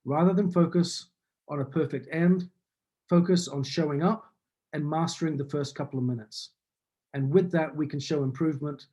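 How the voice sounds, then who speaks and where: Man, New Zealand accent, motivational speaker, slightly high, mellow tone, earnest. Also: steady tone, moderate pace. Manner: earnest, repetitive building phrases. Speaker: business speaker. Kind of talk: motivational talk.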